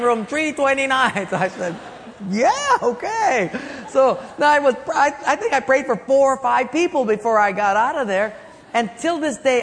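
A middle-aged male pastor tells stories from the pulpit, his fairly high voice trailing off into a soft hush whenever he makes a point. The sound carries a long hall reverb from a church sanctuary. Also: a little hiss or hum. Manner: storytelling, drops to a soft hush for key points. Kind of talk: sermon.

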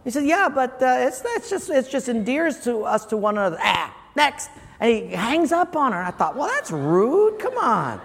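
A man preaching a humorous sermon as pastor, telling a story with lively energy and acting out the voices of the people in it. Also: very high-pitched. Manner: animated, acts out quoted callers. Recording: long hall reverb, faint room noise.

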